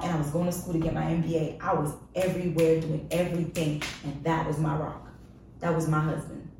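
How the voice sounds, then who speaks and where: Woman podcast guest, low register, frank and confessional storyteller, echoey off-mic recording. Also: far from the mic, background noise. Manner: frank and confessional, emphatic repetition. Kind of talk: candid personal storytelling.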